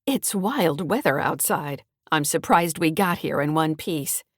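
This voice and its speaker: A chatty, earnest small-town woman in a mystery audiobook, as a woman narrator voices her. The voice is low-pitched and dry, read close to the mic. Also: lively intonation, a little slow, dry recording. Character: friendly small-town woman, escrow officer. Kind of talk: audiobook character reading.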